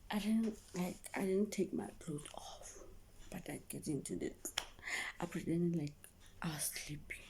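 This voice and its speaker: Young woman, slow, low-pitched, half-whispered storytime, faint background hiss. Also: gravelly. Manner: hushed, often dropping to a whisper; repetitive, keeps addressing viewers. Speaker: vlogger. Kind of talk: emotional storytime.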